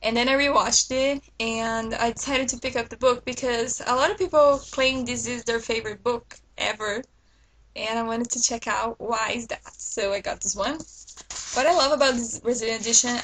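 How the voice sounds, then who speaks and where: A woman's voice: a little high, steady tone, moderate pace, fairly bright tone, a little hiss or hum, low-quality recording. Enthusiastic woman chatting about books. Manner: enthusiastic, chatty, addresses viewers as guys. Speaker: book vlogger. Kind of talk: casual book haul chat to camera.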